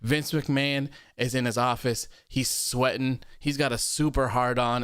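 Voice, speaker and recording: A man with a smooth, clear voice at a middle pitch hosts a relaxed show, reading out viewer comments. He repeats himself and laughs often, and his voice sounds dry and close. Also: measured pace, hardly any pauses, no room sound. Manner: loose, repetitive, laughs often. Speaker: podcast host.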